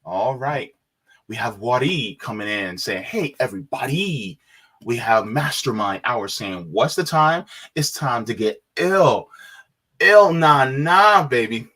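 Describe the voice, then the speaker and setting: A man's voice: mid-range voice, expressive, a little slow, fairly bright tone, husky. A man co-hosting a live stream, greeting viewers and reading chat messages aloud with frequent laughs.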